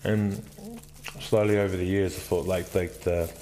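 Deep-voiced candid man in his forties. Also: flat delivery, normal speed, mellow, slight background noise. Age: 40s. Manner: candid, swears freely, rambling with many "like"s. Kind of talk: casual podcast conversation.

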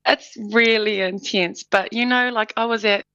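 A woman's voice: a little high, fairly even intonation, sharp tone, clear, resonant tone, dry recording. Eager kiwi woman on a radio interview, dry close mic, slightly muffled sound. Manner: enthusiastic, rapid explanations with frequent restarts. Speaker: artistic director.

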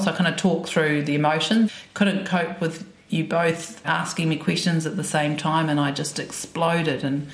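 Woman, mother, very low voice, slow reflective talk, roomy distant sound. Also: steady tone. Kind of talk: interview clip.

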